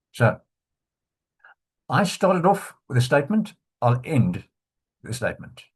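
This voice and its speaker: A man speaking at an online bootcamp, delivering a motivational talk and slowly repeating his key phrases for emphasis. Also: on the low side, a little mellow, breathy edge. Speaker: conference speaker. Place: online event session.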